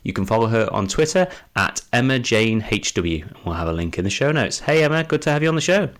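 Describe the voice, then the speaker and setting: A man with an English accent co-hosts a casual podcast. He chats in an upbeat, lively way as he introduces a guest and swaps stories. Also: medium pitch, fairly quick. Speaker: podcast co-host.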